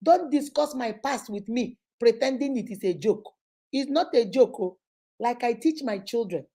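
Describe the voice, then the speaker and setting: A middle-aged Nigerian woman hosting a live show, giving an animated motivational talk with a husky voice. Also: a little high, moderate pace. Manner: animated, preachy, with mimicked voices. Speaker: host.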